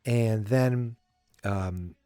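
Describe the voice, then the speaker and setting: A man's voice: fairly low pitch, extremely slow, dark tone, smooth, no room sound, clean studio sound, soft background music. A man hosting a podcast, casually recapping a sitcom episode in a rambling, chatty way with wry asides. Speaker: podcast host.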